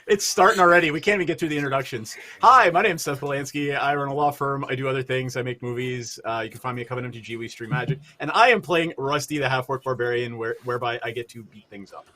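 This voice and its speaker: A man's voice: medium pitch, fast talker, few pauses, bright, forceful tone. A man playing in a tabletop game, introducing himself with joking asides. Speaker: player. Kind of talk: casual chat.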